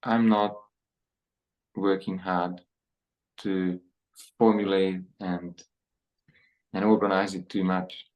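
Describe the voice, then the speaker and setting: A man speaking as a podcast guest, reflective and a little halting as he talks. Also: deep voice, flat delivery, highs cut off. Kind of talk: conversational interview.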